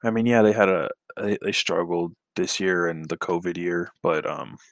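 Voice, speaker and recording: A man's voice: deep voice, normal speed, gravelly, dry recording. A man co-hosting a casual sports podcast, talking hesitantly with lots of fillers and sighs.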